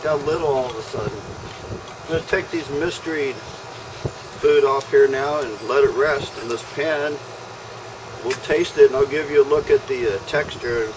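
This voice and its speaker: Cooking at a backyard smoker outdoors, a man hosts a casual barbecue vlog, joking in a folksy way with viewers and chatting to the food. His mid-range voice moves at a moderate pace over background noise.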